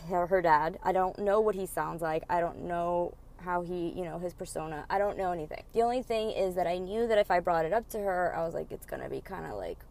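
A woman's voice: lowish voice, brisk, gravelly, few pauses, darkish tone. A young adult woman hosting a podcast, telling a story in a chatty way, with many fillers and casual swearing. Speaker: podcast host.

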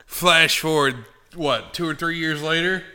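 A man's voice: on the high side, measured pace, bright, forceful tone. A man hosting a podcast in casual chat, full of crude jokes and teasing banter. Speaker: podcast host.

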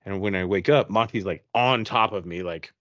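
On a podcast, a man with a low-sitting voice tells a ghost story at a normal pace, casual, profane and rambling, acting out his own reactions in an animated retelling. The lo-fi recording has no echo.

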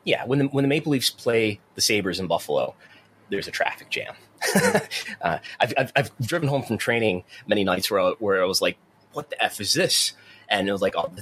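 A man's voice: low-pitched, animated, a little fast, fairly bright tone, a little hiss or hum, rough recording. A man hosting a casual wrestling news show, often stumbling and repeating words as he starts his sentences. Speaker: wrestling podcast host.

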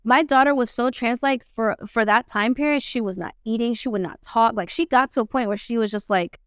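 Young woman, podcast guest, animated storytelling, slangy, dry close sound. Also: brisk, clean tone, no room sound. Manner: animated, acts out quoted speech with big swings in pitch; blunt slangy talk with frequent swearing. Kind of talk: casual storytelling.

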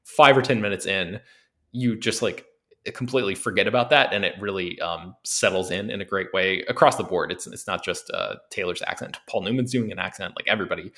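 A man from the United States with a fairly low voice, talking casually on a podcast. He rambles and hesitates, circling back to restart his sentences as he goes. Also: expressive, a little fast, sharp tone. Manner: rambling, hesitant, trails through many restarts. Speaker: podcast co-host.

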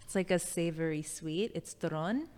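A young woman guest with a rather low voice, talking in a friendly way and explaining things plainly. Her voice carries a long reverb from the room. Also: moderate pace, darkish tone. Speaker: guest photographer. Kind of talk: casual interview chat. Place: studio room in Queens, New York.

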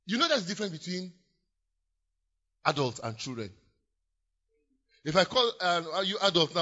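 A man preaching a sermon in church, acting out little scenes with loud exclamations. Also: high-pitched. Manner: animated, acts out scenes with shouted exclamations. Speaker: pastor. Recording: dull lo-fi church recording.

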